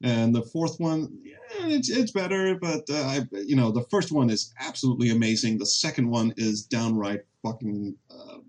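A man's voice: mid-range voice, moderate pace, hardly any pauses, a little mellow. Male podcast co-host with a mid-range voice, dry jokes and casual profanity. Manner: wry, profane, joking. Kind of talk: casual chat.

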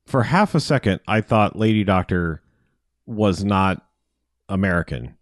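A man's voice: low-pitched, expressive, unhurried, dry recording, clean studio sound. A man chatting casually on a podcast about a film, rambling and acting out characters' lines in a raised voice. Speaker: podcast co-host. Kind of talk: casual movie review chat.

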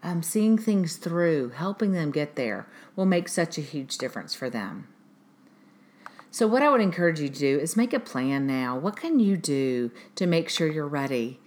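A woman with a somewhat low voice hosts a podcast in a relaxed, conversational way. She speaks earnestly and with emphasis, hammering home her advice by repeating it. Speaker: podcast host. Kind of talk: casual podcast talk giving parenting advice.

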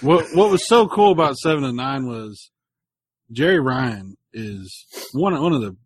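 A man co-hosting a podcast in casual chat, animated and swearing, often bursting into loud laughter. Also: mid-range voice, unhurried, slightly rough, no room sound. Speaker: podcast co-host.

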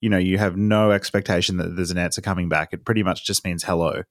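An Australian man hosting a casual podcast chat, upbeat and quick to laugh. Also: low voice, fairly even intonation, no room sound, studio quality. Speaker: podcast host.

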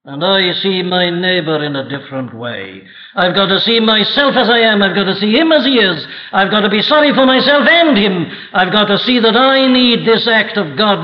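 A man preaching a sermon from Wales with an emphatic, dramatic delivery. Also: sits high. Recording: echoey hall, dull archival audio.

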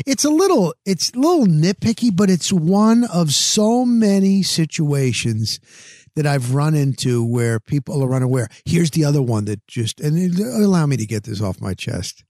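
Male podcast host, casual monologue, exasperated and animated, recorded outdoors on a patio, dry. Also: a little high, moderate pace, no room sound. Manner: rambling, exasperated, animated retelling. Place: home back patio, outdoors.

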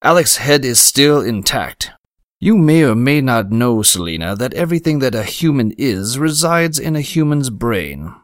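A cool, calculating dark sorcerer , voiced by a man, speaks in a steady, formal, precise way. His pitch sits in an ordinary male middle range, and the recording is dry and close with no room sound. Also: normal speed, dry recording, lightly acted. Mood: measured. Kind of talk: audiobook character reading.

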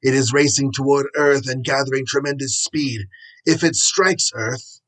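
A man reading aloud voices an earnest male astronomer who delivers grave news in a measured, solemn way, with a husky voice. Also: mid-range voice, fairly even intonation, fairly bright tone, pitched above the performer's own voice, natural voice, low-quality recording.

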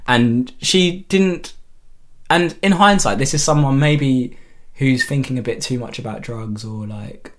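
A young man, chatting on a podcast in a halting way, with lots of fillers and laughs. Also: mid-range voice. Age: young adult. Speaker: podcast co-host. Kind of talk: casual chat.

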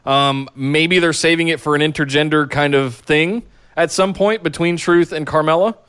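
A man co-hosting a casual wrestling podcast, laid-back and measured in how he weighs things up. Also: a little high, fairly bright tone, clean tone. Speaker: podcast co-host.

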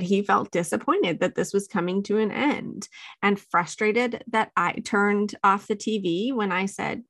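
A woman speaking as a parenting guest on a podcast, chatting in a relaxed, animated way. She acts out little lines for herself and her child and laughs often, with a pitch that sits in the middle for a woman. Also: no echo, studio quality. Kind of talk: casual podcast interview.

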